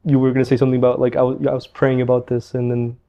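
A man in his twenties hosting a podcast, speaking in a relaxed, halting way with frequent fillers. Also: mid-range voice, lo-fi sound. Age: 20s. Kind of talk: casual podcast chat.

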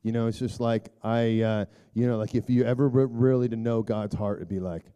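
A man preaching a casual sermon, telling a story in a loose, conversational way with lots of fillers and throat clearing. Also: medium pitch, fairly even intonation, a little fast, warm tone.

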